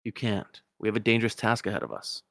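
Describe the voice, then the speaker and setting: A man voicing a serious, brooding young male warrior in a grave, low-key way. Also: big pitch swings, fast talker, gravelly, fairly bright tone, no echo, full character voice.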